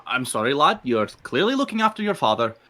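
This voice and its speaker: A man's voice: mid-range voice, very animated, quick pace, pushed and bright, voice pushed up. A man playing a tall, lanky male cat-person who speaks in an affable, hesitant way and calls others "lad".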